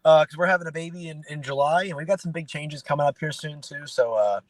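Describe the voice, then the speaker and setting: A man's voice: fairly high pitch, quick pace, dry recording, poor audio. A man in his late twenties, a guest fighter telling easygoing stories in a casual interview chat. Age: late 20s. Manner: relaxed storytelling with fillers.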